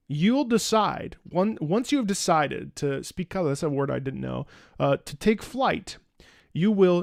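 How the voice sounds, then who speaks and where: An enthusiastic man walks through a piece of music in a casual breakdown, pausing to ask the listener rhetorical questions. His voice sits a little high for a man and has a gravelly edge. The sound is dry and close. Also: expressive, a little mellow, no echo. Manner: enthusiastic, sings snippets and asks rhetorical questions. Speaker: music analysis video host.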